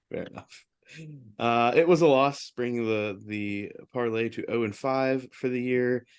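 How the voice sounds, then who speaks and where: A man co-hosting a sports betting podcast, casually running through wins and losses in quick upbeat bursts. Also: medium pitch, smooth. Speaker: podcast co-host reading betting results.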